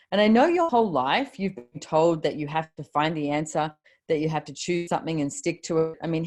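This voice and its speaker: A woman's voice: sits low, a little mellow. A woman hosting a live video call, giving a chatty motivational talk with casual swearing. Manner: chatty, swears casually, quotes her own thoughts.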